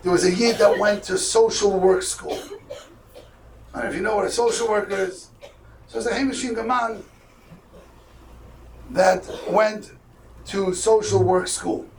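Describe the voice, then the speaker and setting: A man's voice: high voice, unhurried, long pauses, a little hiss or hum. A man, acting out the voices as he tells a story at a camp. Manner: animated storyteller, acting out dialogue with sudden loud bursts. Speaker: camp speaker. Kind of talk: storytelling talk. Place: camp hall. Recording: echoey room, mic far off.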